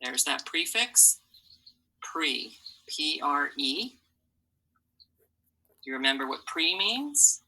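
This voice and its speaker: Slow, low-pitched woman teaching phonics. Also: big pitch swings, bright, forceful tone, slight background noise, rough recording. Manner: slow, patient, encouraging, sounds out letters. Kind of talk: phonics lesson for children.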